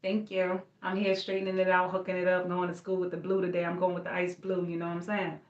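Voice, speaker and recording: A woman's voice: on the low side, monotone, fast, dull audio. A woman giving a casual astrology reading, talking to viewers in a loose, slangy, rambling way. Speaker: astrology reader. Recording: roomy echo.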